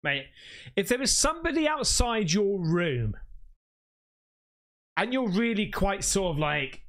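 Man, high bright voice, animated pitch, casual reaction commentary, blunt, swears a lot. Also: unhurried, pauses often. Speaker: video reactor.

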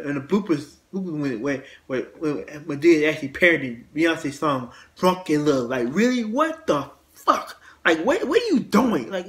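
Male host, fairly high voice, stumbling and repetitive delivery, blunt and profane. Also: fairly bright tone. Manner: halting, many restarts and repeated words, blunt cursing. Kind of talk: casual movie rant.

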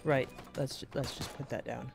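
A man giving let's-play commentary, excitable, gasping and talking to himself as he plays. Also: medium pitch, moderate pace, gravelly, over music. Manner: excitable, gasps and talks to himself. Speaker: gaming YouTuber.

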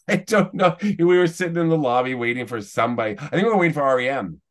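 A fast-talking Canadian celebrity YouTuber in his forties, his voice a little high with lively intonation, is a guest on a podcast. He chats casually, meandering through stories with restarts and chuckles.

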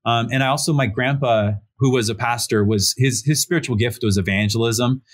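A man in his thirties, a pastor joining a conversation remotely, tells a personal story in an easygoing, conversational way. He uses lots of fillers and acts out the people he quotes, lifting his voice for each one. His voice sits at an ordinary male pitch. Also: brisk. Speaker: pastor, podcast guest. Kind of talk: casual personal storytelling in an interview. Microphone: remote call setup.

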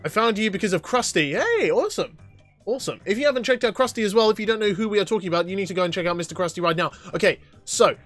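Excitable young man streaming a game. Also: high-pitched. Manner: excitable, reads chat questions aloud and answers them, frequent laughter and outbursts. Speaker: gaming livestreamer. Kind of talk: live gameplay commentary.

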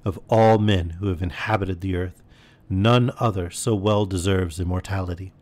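A man's voice: low-pitched, steady tone, normal speed, a little mellow, close to an everyday voice. Ak, a man voicing a grave wise immortal. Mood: solemn. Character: wise solemn male immortal forest guardian.

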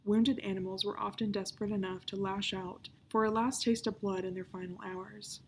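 A woman, a children's librarian, reading a novel aloud in a calm, even storytelling voice. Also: mid-range voice, normal speed, a little hiss or hum.

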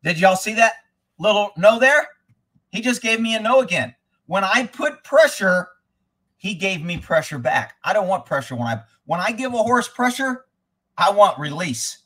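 A man's voice: high voice, very animated, moderate pace, a bit bright. A man who trains horses, giving blunt, rambling live commentary over riding footage and swearing freely.

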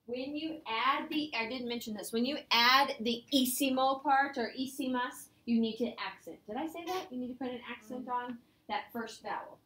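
A woman's voice: high-pitched, normal speed, few pauses, a bit bright. A woman teaching a Spanish lesson, explaining grammar step by step and mixing English with Spanish words. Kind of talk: online class lesson.

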